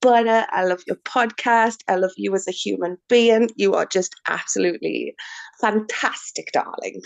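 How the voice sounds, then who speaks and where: A woman's voice: medium pitch, unhurried, gravelly, no echo. A young woman, a bubbly, effusive interview guest who says "like" a lot. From Northeast England. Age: young adult. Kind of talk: casual interview.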